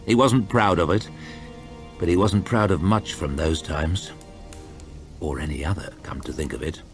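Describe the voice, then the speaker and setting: A man reading a fantasy novel aloud in an expressive storytime style. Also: low voice, normal speed, over music. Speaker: audiobook reader.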